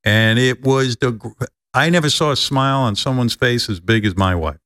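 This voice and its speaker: A man telling a long personal story, animated and a bit profane, acting out the people he quotes. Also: mid-range voice, moderate pace, dry recording. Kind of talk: casual storytelling.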